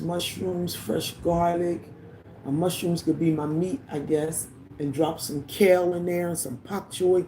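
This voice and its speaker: A man's voice: on the high side, slight background noise. A man hosting a casual live stream, greeting viewers by name and laughing often while he walks from his home out into the yard on a phone. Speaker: livestream host. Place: home, indoors then outside in the yard. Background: faint rain.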